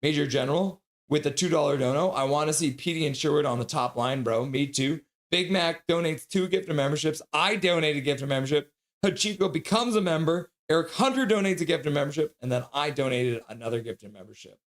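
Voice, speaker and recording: A man's voice: a little high, fairly quick. A man hosting a live sports stream, casually reading out chat messages and donations while signing off. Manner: chatty, reads chat and donations aloud. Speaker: streamer host.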